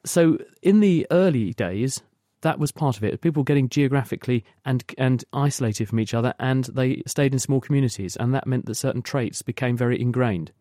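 Brisk and warm, with a medium-pitched voice, a man guesting on a radio call-in show as a science expert explains at length. He's patient, speaking in long sentences that restart along the way, and the studio sound is clean with no echo.

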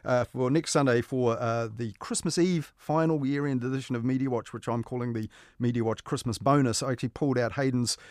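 A man chatting on radio about the media, wry and amused, often trailing off softly. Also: mid-range voice, steady tone, brisk, no room sound, clean studio sound. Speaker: media commentator. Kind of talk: casual radio chat.

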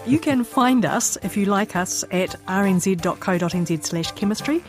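NZ female co-host, curious, friendly, mid pitch, soft music under. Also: lively intonation, normal speed. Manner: friendly, curious, asks questions. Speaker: podcast co-host. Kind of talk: casual science chat.

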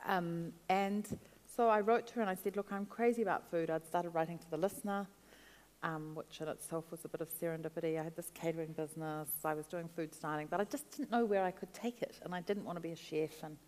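A woman guest, a food writer, telling animated stories in an interview. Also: lowish voice, quick pace, big-room sound. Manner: chatty, animated storytelling with laughs. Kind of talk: storytelling interview answers.

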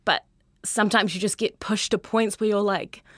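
A young woman, a high school teacher talking candidly in an interview, earnest and chatty, full of "like" and "you know". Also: fairly even intonation, moderate pace, fairly bright tone, dry recording, clean studio sound. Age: 20s.

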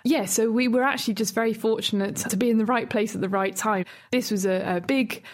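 Higher-voiced woman researcher explaining. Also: brisk. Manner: relaxed explanatory, imitates animal grunts. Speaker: researcher interviewed.

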